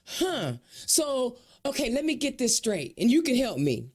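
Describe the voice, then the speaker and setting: A woman from Indiana hosting a casual political livestream, talking in an energetic, folksy way. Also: on the high side, a little slow, slightly rough. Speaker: host.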